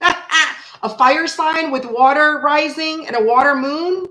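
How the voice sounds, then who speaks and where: A woman in her forties hosting a casual tarot livestream, chatting with viewers in an animated, blunt way, swearing freely and laughing often. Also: fairly high pitch, normal speed, low-quality recording. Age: 40s. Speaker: tarot reader host.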